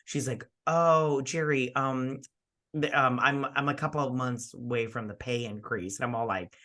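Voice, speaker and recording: Rambling, animated male movie reviewer. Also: mid-range voice, normal speed. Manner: rambling, repeats words, acts out scenes. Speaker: co-host of a movie review show. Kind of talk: casual chat while drinking.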